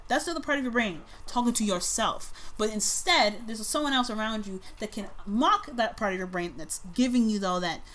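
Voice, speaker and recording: A woman giving a casual tarot reading to her viewers. She speaks bluntly, swears freely, and swings between soft musing and loud outbursts. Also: on the high side, expressive, brisk, few pauses. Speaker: tarot reader.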